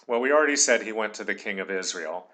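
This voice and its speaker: A man's voice: fairly low pitch, lively intonation, fast, bright, forceful tone. A man giving a recorded tutorial, thinking aloud as he works and dictating punctuation marks. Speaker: tutorial instructor.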